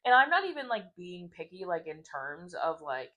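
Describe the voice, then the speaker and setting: A woman's voice: fairly low pitch, sing-song, normal speed, bright, forceful tone. A young woman co-hosting a casual podcast chat, talking loosely with lots of "like", swearing and laughing. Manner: reads dating app messages aloud in mocking voices. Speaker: podcast co-host.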